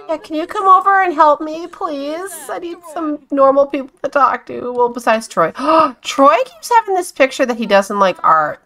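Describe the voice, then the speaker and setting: Woman streamer with a bright voice, chatty and giggly, narrating her gameplay casually. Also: on the high side. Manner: chatty, talks to her game characters; giggly, exclaims often.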